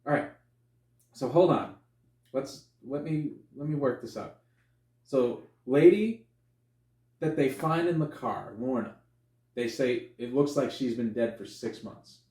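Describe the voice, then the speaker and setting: Animated, swearing man in an echoey room. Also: unhurried, long pauses. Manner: animated retelling, acts out characters with sudden high yelps, swears freely. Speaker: podcast co-host. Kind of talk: casual movie review chat.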